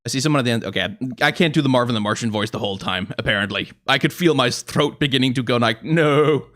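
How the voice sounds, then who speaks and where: A man's voice: medium pitch, fast, a bit bright. A man with a stuffy nose giving wry, casual commentary while playing a game. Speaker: let's play gamer.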